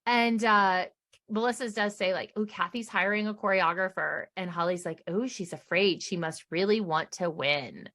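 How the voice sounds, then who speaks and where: A middle-aged woman co-hosts a podcast in a medium-pitched voice at a moderate pace. Chatting casually, she recaps as an animated storyteller, acting out the quotes.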